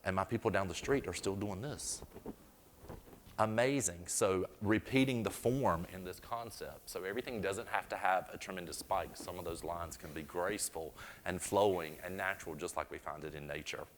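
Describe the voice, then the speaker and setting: Southern guy from north carolina, real low voice, chatty demo talk, echoey hall. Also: normal speed, slight background noise. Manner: chatty, storytelling, folksy asides. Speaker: floral design presenter. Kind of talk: live demonstration talk. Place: event hall before an audience.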